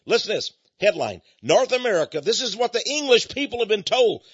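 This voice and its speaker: An older man with a Texan accent, hosting a folksy, emphatic monologue that rises to loud peaks. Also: high voice, very animated, fairly quick, slightly rough, no echo. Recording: dull lo-fi recording.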